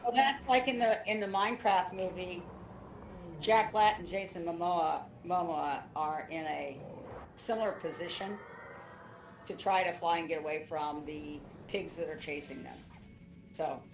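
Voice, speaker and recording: A woman's voice: fairly low pitch, a little slow, background noise. A middle-aged woman co-hosting a game stream, chatting casually and explaining things at length. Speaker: co-host, streamer's mother. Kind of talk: casual gaming stream chat.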